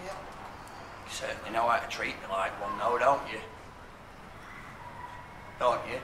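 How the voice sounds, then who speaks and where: A man's voice: medium pitch, unhurried, close to an everyday voice. An actor playing a heartbroken young man who rages and pleads with his friends, swearing, in a television drama. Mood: anguished. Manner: sweary, pleading and shouting in distress. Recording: roomy with background noise.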